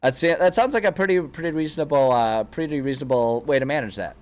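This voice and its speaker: A man's voice: on the high side, quick pace, a little mellow. A man streaming and chatting casually to his live chat, rambling from one thought to the next and often cutting himself off mid-sentence. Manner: rambling, self-interrupting, chatty.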